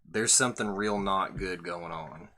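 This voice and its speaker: A man's voice: deep voice, slow pace, noisy background, voice pushed down. A man voicing a small teddy-bear sidekick who talks in casual street slang and swears freely. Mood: urgent. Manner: slangy street talk, teasing and profane. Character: sassy little bear buddy, slangy and mocking.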